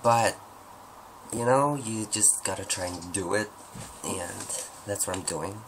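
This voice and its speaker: A man's voice: lowish voice, slow, background noise. A man answering viewer questions at home in a rambling, joking, self-deprecating way. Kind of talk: casual Q&A monologue.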